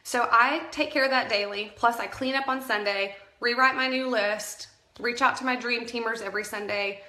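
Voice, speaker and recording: Recorded on a phone camera in an echoey room, a direct sales team leader coaches her team on a live stream. Her voice sits a little high, steady and bright, with a forceful tone at a moderate pace. She's chatty and emphatic, often correcting herself mid-sentence.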